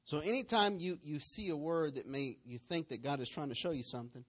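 A man's voice: fairly high pitch, brisk. A man preaching a sermon as pastor, telling stories, acting out the voices in them, and putting questions to the congregation. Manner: storytelling, acts out voices and scenes.

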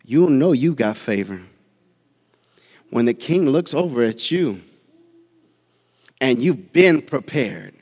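A male preacher giving a fervent sermon, swinging from quiet asides to shouted peaks. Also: mid-range voice, animated, slow, pauses often, breathy edge, long reverb tail.

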